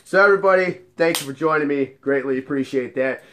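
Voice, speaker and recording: A man telling bar stories from his job as a bouncer, cursing freely and keeping the delivery animated and jokey. His voice sits a bit high for a man. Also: fast talker, slight background noise. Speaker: nightclub bouncer and storyteller. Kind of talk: casual storytelling vlog.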